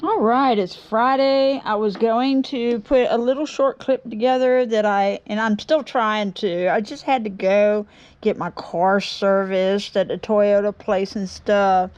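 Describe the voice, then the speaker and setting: A woman's voice: mid-range voice, steady tone, unhurried, a little mellow, smooth, lo-fi sound. A middle-aged woman with a Southern US accent, talking casually and rambling to her viewers from her woodturning workshop. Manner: rambling, chatty, folksy. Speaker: woodturning vlogger. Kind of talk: casual chat to camera. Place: home workshop.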